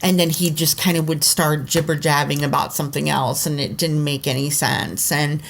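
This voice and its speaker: A woman with a slightly low voice telling a personal story on a podcast. She rambles, full of "you know" and "um", and slips into the voices of the people she quotes. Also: fairly even intonation, moderate pace, gravelly, a little hiss or hum. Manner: rambling, filler-heavy, acts out quoted voices. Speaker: podcast co-host, intuitive.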